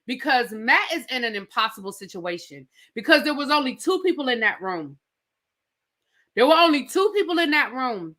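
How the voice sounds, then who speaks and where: A bright, high-pitched woman with cadence runs through a reality TV episode. Her voice swoops up and down as she acts out the cast's lines and throws in slangy asides, all in an easy, chatty recap. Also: moderate pace. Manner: animated storyteller acting out quotes, slangy asides. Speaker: reality TV reviewer. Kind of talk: casual recap commentary.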